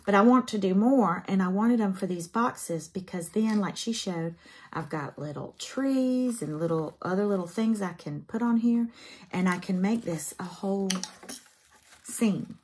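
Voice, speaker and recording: A woman's voice: mid-range voice, unhurried, a little mellow, slight background noise. A woman, chatting casually to camera as a craft vlogger in her home craft room, folksy and emotional.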